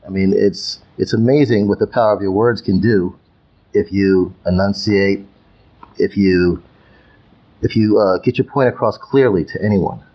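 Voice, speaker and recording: Podcast guest: man, lowish voice, emphatic, restarts his phrases, slightly muffled audio. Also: normal speed. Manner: emphatic, repeats words while finding his point. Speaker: guest, youth coach. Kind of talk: conversational podcast interview.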